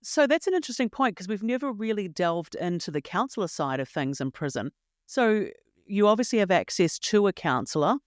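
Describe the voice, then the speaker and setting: A man hosting an interview, asking measured, probing questions. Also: high voice, expressive, no echo, studio quality. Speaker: interviewer host.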